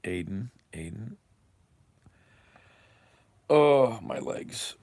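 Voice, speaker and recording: A live streamer with a low-leaning, darkish, expressive voice talks extremely slowly while eating during a casual livestream chat. He rambles and chuckles as he reads viewer comments.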